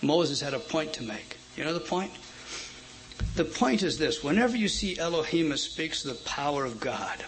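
A man preaching a sermon, emphatic, asking his listeners questions and swinging between loud stresses and quiet asides. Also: on the high side, very animated, moderate pace, rough recording. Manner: emphatic, asks the audience questions.

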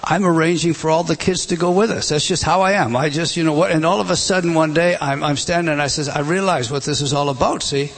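Husky middle-aged male preacher. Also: on the high side, fast, few pauses. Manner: emphatic, rhetorical questions. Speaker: pastor. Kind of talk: sermon.

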